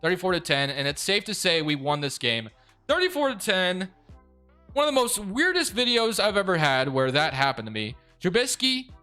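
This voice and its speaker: A young man giving casual commentary over a football video game, excitable and quick to rant in frustration. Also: high-pitched, smooth, soft background music. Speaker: gaming YouTuber.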